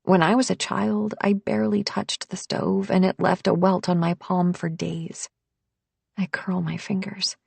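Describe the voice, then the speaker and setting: A woman narrating a first-person thriller audiobook in a hushed voice that often drops to a whisper. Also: mid-range voice, level tone, unhurried, creaky, husky.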